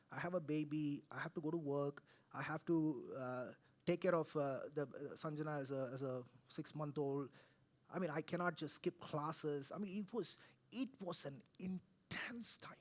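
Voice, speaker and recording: Husky man preaching a sermon. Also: a little high, moderate pace. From India. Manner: conversational, swings from loud to hushed, keeps asking "right?". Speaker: pastor. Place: church.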